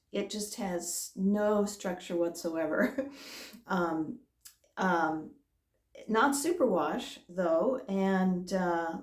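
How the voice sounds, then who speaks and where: A woman hosting a knitting vlog, talking casually and hesitantly with many pauses and fillers. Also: lowish voice, roomy sound. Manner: hesitant, many "um"s, warm and chatty. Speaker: knitting podcast host. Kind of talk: casual chat to camera.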